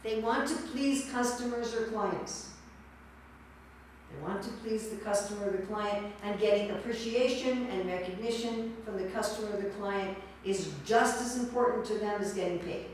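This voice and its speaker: A lecturer with a mid-range voice and normal pace leads an interactive class, asking questions, repeating the replies and deciding which are right or wrong. The sound comes from a distance in an echoey lecture hall, with slight background noise.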